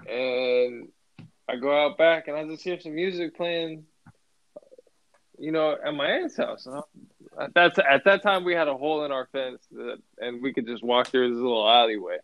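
A man's voice: mid-range voice, moderate pace, dry recording, highs cut off. A young man casually telling a profane, laughing story on a podcast with friends. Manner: laid-back, profane, laughs while telling.

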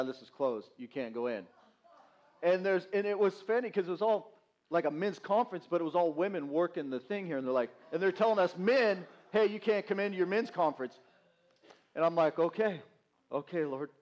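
A self-mocking tale with acted-out quotes forms this youth pastor's storytelling sermon, given in a church sanctuary. He speaks a little high, and the sound is dull.

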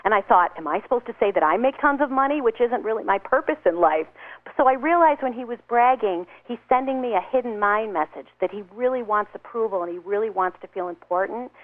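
Upbeat woman on a phone line. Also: on the high side. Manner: upbeat, acts out quoted dialogue. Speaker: guest author. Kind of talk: advice interview.

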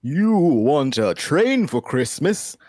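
A man putting on a slow, raised voice for a gloomy Santa who has fallen on hard times. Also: on the high side, sing-song, darkish tone, no room sound, clean studio sound, voice pushed up, full character voice. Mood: bitter. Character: down-on-his-luck older male Santa, gloomy.

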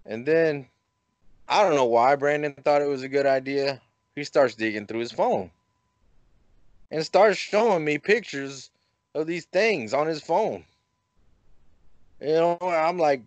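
A man hosting a podcast, telling a story in a casual, animated way. He laughs at his own jokes and his voice jumps up high when he quotes himself. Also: unhurried, no echo, dull audio. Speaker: podcast host.

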